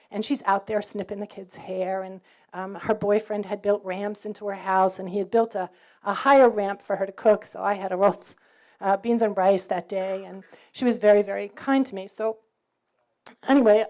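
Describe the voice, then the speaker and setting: A middle-aged woman from New York tells a personal faith story to a room of students. A faded New York accent is still there under her words. She is an animated storyteller who jumps into the voices of the people in her story and laughs as she goes. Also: medium pitch. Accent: New York, mostly faded. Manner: lively storyteller, acts out dialogue, laughs often. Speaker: campus speaker.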